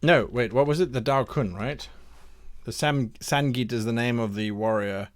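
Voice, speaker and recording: A man running a live-streamed campaign design session as game master, reading viewers' suggestions aloud and thinking out loud, hesitating and repeating names to test them. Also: mid-range voice, moderate pace.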